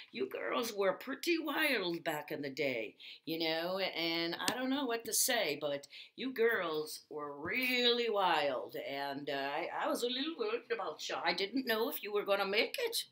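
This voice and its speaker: Put-on Irish party spirit, boozy and teasing , voiced by a woman, bright tone, lots of swing in pitch. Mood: fond. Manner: rambling, chummy, teasing.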